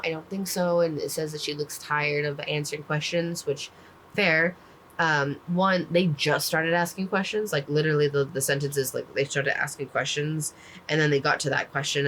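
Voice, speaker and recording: A woman's voice: low-pitched, a bit bright, a little hiss or hum, low-quality recording. A woman casually recapping a book, rambling with lots of "like" fillers and the odd swear word. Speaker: book reviewer.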